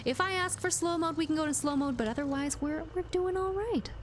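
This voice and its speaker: A woman's voice: sits high, fairly quick, slight background noise. A woman livestreaming a game from a room at home, chatting playfully and answering her chat as she plays. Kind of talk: casual live-stream chat while gaming. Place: home room with door closed. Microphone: streaming mic with compressor.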